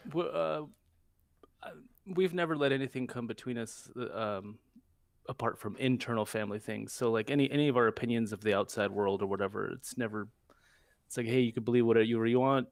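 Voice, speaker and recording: A man from the United States chatting casually as a guest, speaking haltingly with many restarts. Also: mid-range voice, gravelly, dry recording. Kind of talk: casual chat.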